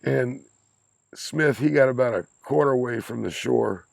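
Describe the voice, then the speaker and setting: Gravelly older man spinning yarns. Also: medium pitch, normal speed, no echo. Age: 60s. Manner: lively anecdotal storyteller, salty language, chuckles. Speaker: podcast guest, host's father. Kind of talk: casual storytelling.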